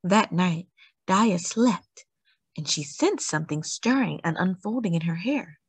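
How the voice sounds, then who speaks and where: Woman, storytime host, children's book read-aloud, expressive, lively pitch, dry. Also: measured pace, breathy edge, dry recording.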